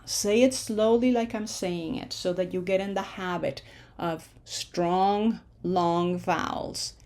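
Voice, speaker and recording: Slow, careful woman teaching pronunciation. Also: on the low side, steady tone, darkish tone. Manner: slow, drawn-out model words with long vowels; asks and answers her own questions. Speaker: Spanish teacher. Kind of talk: pronunciation lesson.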